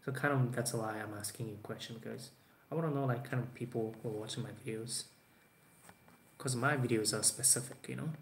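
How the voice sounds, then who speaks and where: A man's voice: mid-range voice, steady tone, brisk, creaky. A man, talking casually to camera with plenty of fillers and restarts. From Japan. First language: Japanese. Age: 20s. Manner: rambling with many fillers and restarts. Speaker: vlogger. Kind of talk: casual talk to camera answering viewer questions. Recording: roomy echo, faint background noise.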